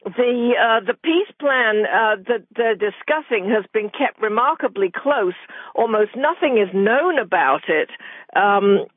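A British woman correspondent talks through the news in a measured way, pausing often with ums and uhs. Her voice comes through a narrow, tinny phone line that sounds dry, with no room around it. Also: on the high side, animated, dry recording. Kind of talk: radio news report in conversation.

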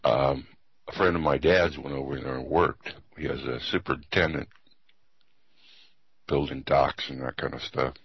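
A man's voice: rumbling low, fairly even intonation, normal speed, pauses often, husky, no room sound, highs cut off. A man casually telling a rambling story in an easygoing way.

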